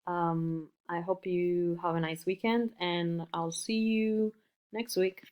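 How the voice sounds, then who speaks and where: A woman teaching an English lesson, repeating words slowly and carefully for her learners. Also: lowish voice, fairly even intonation, lo-fi sound. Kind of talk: recorded online English lesson.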